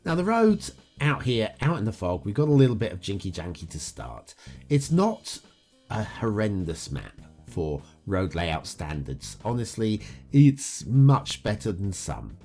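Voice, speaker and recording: A man hosts a game review show, talking through gameplay in an upbeat, chatty way and often saying "uh." His lowish voice is sing-song, unhurried and a little mellow, with faint guitar music in the background.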